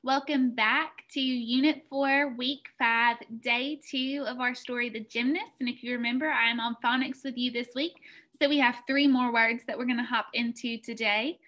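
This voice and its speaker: A woman teaching a phonics lesson to young children, encouraging and clear as she sounds out words slowly. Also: a little high, steady tone, pushed and bright. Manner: encouraging, clear, slow word-by-word.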